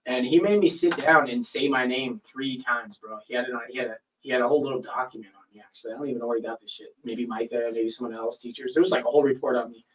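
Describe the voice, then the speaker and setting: This is a podcaster with a mid-range voice who barely pauses as he races through a long, laid-back story. He's lively and profane, imitating whoever he quotes, while the far-off mic and low-quality recording make him sound a bit removed.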